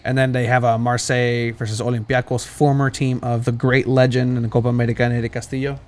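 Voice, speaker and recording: A man from Southern California co-hosting a casual sports podcast, teasing his partner, laughing often and filling pauses with "uh.". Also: medium pitch, little pitch movement. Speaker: podcast co-host.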